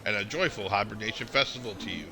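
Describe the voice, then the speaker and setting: A man voicing a pompous male townsman with a Southern accent, speaking in a slow, formal, measured way over game background noise. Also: lowish voice, a crowd in the background, natural voice. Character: pompous male townsman who loves cooking. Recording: game ambience noise behind.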